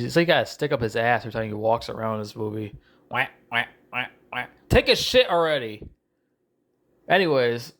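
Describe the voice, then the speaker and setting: A man ranting angrily through a video movie review, swearing and repeating himself, with frequent restarts. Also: mid-range voice. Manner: angry, profane, repetitive ranting; restarts and stumbles often.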